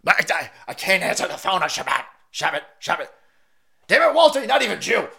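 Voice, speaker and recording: A man's voice: sits high, very animated, a little fast, gravelly, bright, forceful tone, heavily acted. A man doing a blustering movie bowler. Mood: indignant. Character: gruff middle-aged movie bowler, indignant and blustering.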